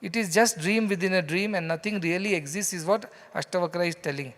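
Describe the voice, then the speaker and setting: A man's voice: high voice, fairly quick, a bit bright. A man with an Indian English accent gives a scripture lecture to a live audience in a large hall, telling stories and putting questions to the listeners. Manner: conversational storytelling, asks the audience questions. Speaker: spiritual teacher. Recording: reverberant hall.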